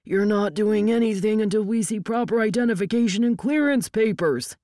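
A woman voicing officious male armed guards who shout bureaucratic demands in an audiobook. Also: medium pitch, normal speed, dry recording, studio quality, voice pushed up, natural voice. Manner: loud and bureaucratic.

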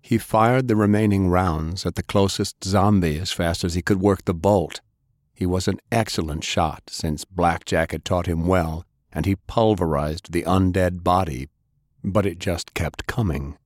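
A man narrating an action audiobook, jumping in pitch as he voices the characters. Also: unhurried, a little mellow, no echo, studio quality. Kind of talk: dramatic audiobook reading.

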